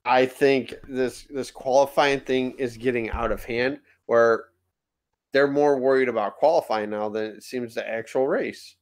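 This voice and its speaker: A young man co-hosting a laid-back podcast, ranting with exasperation about something that annoys him. His voice sits at an everyday middle pitch, and he sometimes drops it low to keep quiet. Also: fairly even intonation, measured pace. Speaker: podcast co-host. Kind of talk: casual podcast rant.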